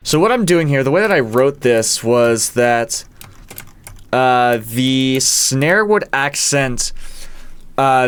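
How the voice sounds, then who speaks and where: A man's voice: medium pitch, fairly bright tone, smooth. A man who is a band's producer and guitarist, casually walking through how a song was made and counting out its beats aloud. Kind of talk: casual walkthrough of a song's production.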